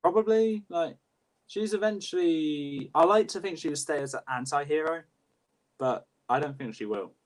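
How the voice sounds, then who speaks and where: A young man chatting casually as a co-host ranking books, halting and full of fillers. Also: on the high side. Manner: quick, halting, many fillers. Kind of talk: casual livestream chat.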